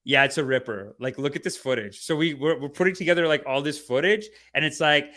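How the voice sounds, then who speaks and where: A man's voice: on the high side, brisk, few pauses, sharp tone. A man hosting a comedy livestream podcast, rambling in slangy casual chat and laughing often. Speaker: podcast host.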